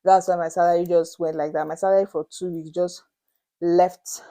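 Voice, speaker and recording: A young Nigerian woman vlogger retelling a story to her viewers in an animated, dramatic way, slipping into Pidgin asides. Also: fairly low pitch, fast. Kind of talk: storytelling to camera.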